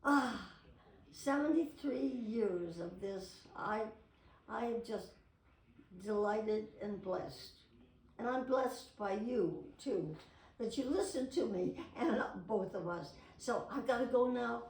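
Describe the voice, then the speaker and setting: A woman's voice: on the high side, expressive, slow, darkish tone. Rambling older woman, roomy and distant. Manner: rambling, chatty, with many restarts and side trails. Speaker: retired actress telling memories. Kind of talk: casual reminiscing to camera. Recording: roomy, distant recording with faint noise.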